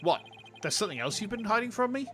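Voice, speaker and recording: A man voicing an earnest young male lawyer, upset and pleading, his voice pushed higher. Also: very animated, fast, a bit bright. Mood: distressed.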